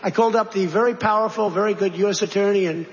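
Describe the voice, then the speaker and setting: A high-voiced male politician gives a rambling speech at a quick pace in a reverberant hall, recorded with dull, lo-fi sound. He is digressive and repetitive, full of conversational asides.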